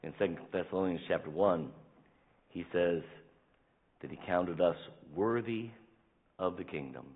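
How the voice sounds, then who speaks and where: A deep-voiced man delivers a sermon with a husky grain, swinging from loud emphatic bursts to hushed, almost whispered asides. He tells stories like a fatherly preacher, and the recording sounds thin and tinny, as if heard over a phone line. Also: unhurried, long pauses. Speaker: pastor.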